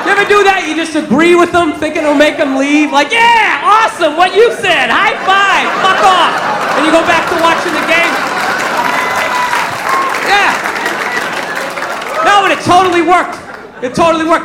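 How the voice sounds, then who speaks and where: A man from the American South doing a stand-up routine, telling stories in a loud, exasperated way. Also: very high voice, very noisy. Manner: loud, exasperated storytelling with rants. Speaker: stand-up comedian. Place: comedy club stage. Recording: echoey club with audience laughter. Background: audience laughing.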